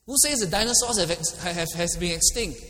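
A man's voice: sits high, fairly quick, pushed and bright. A middle-aged man with a Singaporean English accent, preaching in a casual, chatty way, laughing often and asking listeners by name. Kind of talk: casual sermon with questions to the congregation. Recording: long hall reverb.

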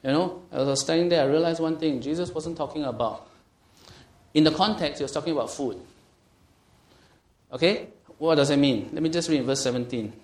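Man, Bible teacher, slightly high voice, interactive teaching, emphatic, asks questions, reads scripture, echoey room. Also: fast talker. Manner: grows animated and emphatic, stretching key words.

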